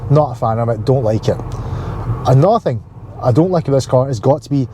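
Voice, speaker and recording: A man's voice: medium pitch, expressive, fast, noisy background. A man with a Scottish accent in a casual car vlog to camera, talking in chatty, jokey rants while driving and visiting a dealership. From Scotland. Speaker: car vlogger.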